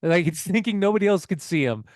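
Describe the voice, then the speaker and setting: Casting: excitable male podcast co-host, slightly high voice, dry close mic. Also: fast talker, no room sound. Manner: excitable, swears, laughs while telling stories. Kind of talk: casual football chat.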